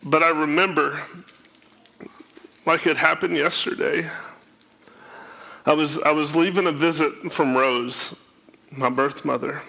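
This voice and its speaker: Sharing his testimony with an audience, a man tells his life story in a fairly high, creaky voice with a sharp edge. He grows emotional and tearful, frequently repeating words as he goes.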